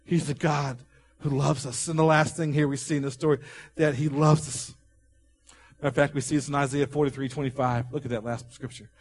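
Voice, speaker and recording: A man preaching a sermon, telling a story and dropping his voice low for quoted dialogue. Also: level tone, fairly quick, slight background noise. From Oklahoma. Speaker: pastor.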